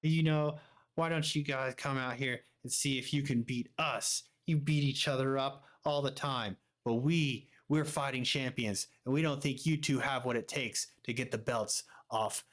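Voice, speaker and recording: A man voicing cocky male tag team champions issuing a challenge, louder and higher than his usual talk. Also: steady tone, moderate pace, close to an everyday voice. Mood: taunting.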